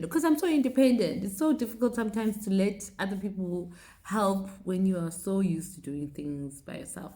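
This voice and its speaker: A young woman telling a personal faith testimony in a casual, animated way, often laughing. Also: medium pitch, normal speed. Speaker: vlogger sharing a testimony.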